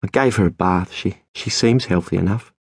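A man reading an audiobook, voicing a tender young wife who coos and croons softly over a baby. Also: low-pitched, moderate pace, slightly rough, no room sound, studio quality. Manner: soft, cooing, crooning. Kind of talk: audiobook narration.

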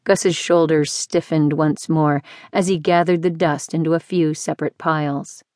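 A woman reading a first-person audiobook in a measured, even storytelling manner. Her voice sits low for a woman, and the studio recording is close and dry. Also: dry recording. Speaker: audiobook narrator. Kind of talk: scripted first-person narration.

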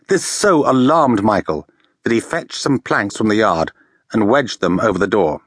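Brief: male audiobook narrator, mid pitch, very lively delivery, dry studio recording. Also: normal speed, husky, dry recording. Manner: expressive storytelling. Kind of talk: scripted narration.

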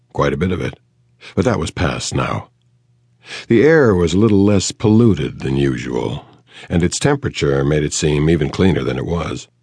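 A man narrating a detective novel in the first person, measured, dry and matter-of-fact. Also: very deep voice, darkish tone, breathy edge, dry recording. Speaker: audiobook narrator.

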